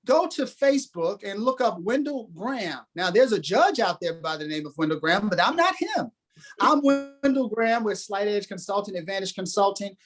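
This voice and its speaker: A man's voice: high voice, animated, moderate pace, a bit bright. A man who is a guest on a podcast, giving a motivational talk with emphatic, preacher-like delivery and repeated phrases.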